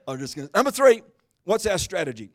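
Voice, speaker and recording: A man preaching in a church service, his voice sitting high for a man. He swings from rising, emphatic bursts to quiet, joking remarks aimed at people in the pews. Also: fast. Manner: animated preaching, swings between loud bursts and calm asides; talks with the congregation by name, chatty and joking. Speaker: pastor. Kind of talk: sermon.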